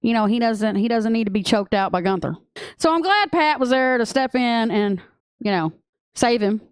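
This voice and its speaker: Texan lady gushing on her podcast, kinda high voice, dry close sound, laughs a lot. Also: normal speed, smooth, no echo. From Texas. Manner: excitable, gushing, laughs often. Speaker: podcast co-host. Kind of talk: casual chat.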